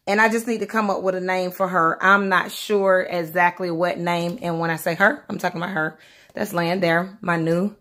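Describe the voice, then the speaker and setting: A woman's voice: lowish voice, fairly bright tone. A chatty woman talks to her viewers while unboxing a doll at home. She calls them "y'all" and talks in a loose, casual way. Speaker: doll collector vlogger. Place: indoors at home, by a window.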